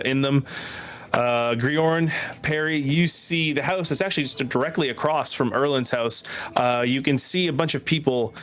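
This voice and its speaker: A man running a tabletop game as dungeon master, narrating with many pauses and fillers. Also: mid-range voice, fairly bright tone, clear, resonant tone.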